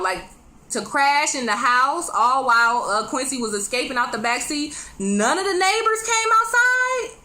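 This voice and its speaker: Woman, casual TV recap, bright sharp voice, animated, laughs a lot, talks to viewers directly. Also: a little high. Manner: animated, chatty, laughing often; addresses viewers directly with quick asides. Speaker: TV show reviewer.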